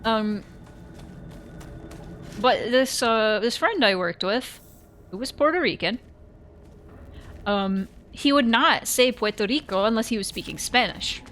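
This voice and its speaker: A woman streamer chatting casually during a horror game, telling rambling, animated stories and yelping at scares. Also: fairly high pitch, a little slow, pauses often, slight background noise. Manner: rambling, animated storytelling with sudden yelps. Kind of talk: casual live-stream chat.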